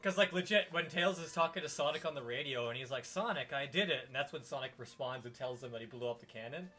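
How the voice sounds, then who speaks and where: A man's voice: mid-range voice, fast talker, bright, forceful tone, faint music behind. A man co-hosting a live game stream, chatting casually and rambling between topics. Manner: rambling, fond of quoting characters in put-on voices. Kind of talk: casual gaming chat.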